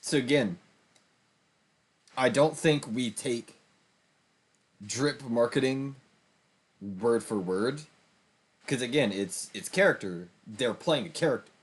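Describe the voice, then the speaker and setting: A man's voice: mid-range voice, slow pace, long pauses, husky. A young man streaming a game, giving a rambling, emphatic commentary with frequent restarts. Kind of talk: casual gameplay commentary.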